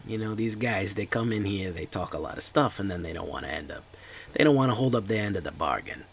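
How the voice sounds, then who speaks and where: A man's voice: on the low side, animated, unhurried, fairly bright tone, slight background noise, full character voice. A man putting on a crime boss accent, playing a mob boss who recruits muscle to collect debts. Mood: menacing. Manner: gruff tough-guy crime boss accent.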